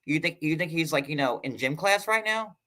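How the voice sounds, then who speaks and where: A man hosts a casual livestream in a chatty, sarcastic way. His voice is bright and a little sharp, and his talk is full of fillers and quick asides. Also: on the high side, lively intonation. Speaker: host.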